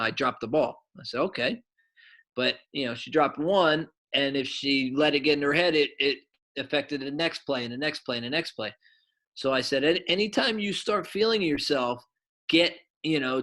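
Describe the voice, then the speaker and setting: A middle-aged soccer coach who used to be a goalkeeper tells stories to kids, rambling and animated with lots of fillers. His voice sits at a medium pitch.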